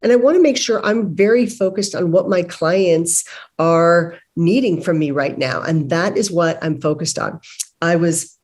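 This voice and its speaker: Woman, middle-aged, webinar host, conversational, storytelling, lower voice. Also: a little slow. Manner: conversational, animated storytelling with acted-out dialogue. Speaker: business consultant and webinar host. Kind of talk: webinar presentation.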